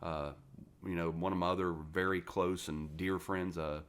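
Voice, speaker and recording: Deep-voiced, profane former Marine storyteller. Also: male voice, normal speed. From West Virginia. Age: 40s. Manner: profane, animated storyteller who acts out quoted dialogue. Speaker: podcast guest, retired Marine. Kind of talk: casual storytelling interview.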